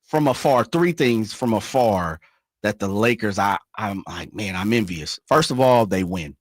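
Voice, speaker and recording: Low-voiced, rambling male radio co-host. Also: measured pace, no echo, studio quality. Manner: relaxed, rambling, fumbles for words. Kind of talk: casual sports talk. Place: radio studio.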